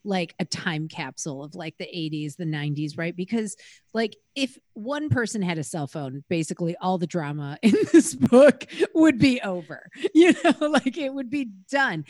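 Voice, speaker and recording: Chatty woman with lively pitch. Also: moderate pace, no echo, studio quality. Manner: chatty, lots of filler "like", bursts of laughter. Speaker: podcast co-host. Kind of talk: casual book club chat.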